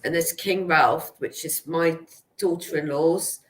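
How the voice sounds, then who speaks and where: A woman's voice: deep voice, fairly even intonation, a little slow, low-quality recording. A middle-aged woman in casual chat, telling stories about family pets and laughing as she goes. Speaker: guest healer.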